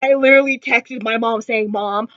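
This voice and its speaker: Her voice is a little high and her pace moderate as she talks through a TV episode indoors at home. The fan chat is gushing and emotional, heavy on fillers, and she comes close to tears at moments. The recording is dry and slightly dull.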